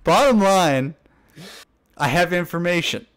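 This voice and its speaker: A young man co-hosting a relaxed chat, his voice sitting a little high for a man. He rambles, restarts himself and breaks into laughter as he tells a story. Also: unhurried, clear, resonant tone. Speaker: podcast co-host. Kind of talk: casual chat.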